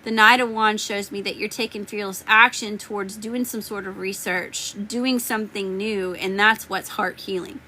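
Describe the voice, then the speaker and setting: A woman's voice: mid-range voice, steady tone, moderate pace, hardly any pauses, bright, forceful tone, slight background noise, rough recording. A woman with a Southern US accent giving live tarot readings, chatting and greeting viewers by name. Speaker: tarot reader.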